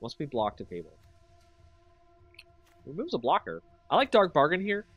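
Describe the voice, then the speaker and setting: A man hosting a stream, commenting casually on his game picks and talking with chat, excitable and quick to laugh. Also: fairly high pitch, breathy edge, lo-fi sound, soft background music. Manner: excitable, chatty, thinks aloud and laughs a lot. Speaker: streamer and channel host.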